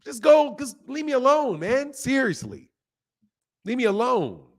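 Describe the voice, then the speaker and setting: A man in his fifties hosting a boxing live stream, ranting at his chat in an animated, exasperated way. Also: very high voice, a little slow. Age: 50s. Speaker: boxing channel host.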